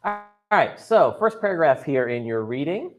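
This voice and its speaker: This man's voice runs fairly high, with big swings in pitch and a normal speed. He's teaching drama and chorus to students on a video call, cheerful and talkative, cracking jokes along the way. A computer mic gives it a lo-fi quality, and music plays behind him.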